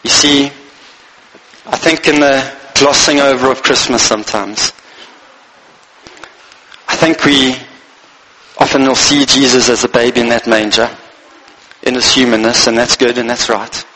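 A man's voice: mid-range voice, fairly even intonation, a little slow, pauses often, pushed and bright, rough recording. A man preaching a Christmas sermon as pastor, speaking earnestly in short phrases and reading scripture aloud.

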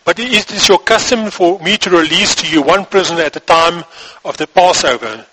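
A man's voice: high voice, normal speed, pushed and bright, breathy edge, full character voice, poor audio. A man reading aloud the lines of an uneasy Roman governor questioning a prisoner, in a slightly raised, questioning tone. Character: uneasy middle-aged male Roman governor.

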